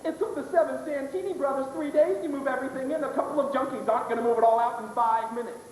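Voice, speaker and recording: A man's voice: extremely high pitch, fairly even intonation, fast talker, darkish tone. A man playing an exasperated middle-aged husband in a staged reading. He sounds incredulous and sarcastic. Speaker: actor in a recital. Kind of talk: readers' theatre stage reading. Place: auditorium stage. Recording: roomy hall, distant mic, hissy old tape.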